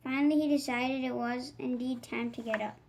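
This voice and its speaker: Woman reading a kids book aloud, high voice, gentle and expressive. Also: a little fast, slight background noise, low-quality recording. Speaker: storybook reader. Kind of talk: children's read-aloud narration.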